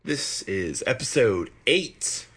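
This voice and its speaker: A man's voice: mid-range voice, very animated, slow. A man hosting a podcast in casual chat, rambling and self-mocking, often stumbling and restarting. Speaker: podcast host.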